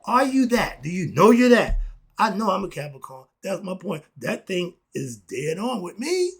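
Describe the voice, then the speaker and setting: A man's voice: sits high, very animated, normal speed, breathy edge. A man, delivering an emphatic, casual monologue full of rhetorical questions and short laughs. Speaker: philosophy vlogger.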